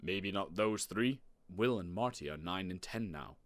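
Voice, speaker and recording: A man reading an audiobook and voicing an exasperated, stern father in a lowered voice. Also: lively intonation, unhurried, no echo. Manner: stern, gritted-teeth. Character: exasperated father of five boys. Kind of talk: audiobook character voice.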